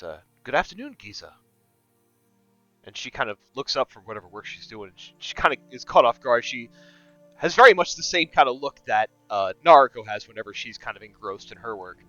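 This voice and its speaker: A low-voiced man runs a tabletop game, rambling through his descriptions with plenty of fillers and a lively, swinging pitch. The recording is dull and lo-fi, with faint music underneath. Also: no echo. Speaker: game master.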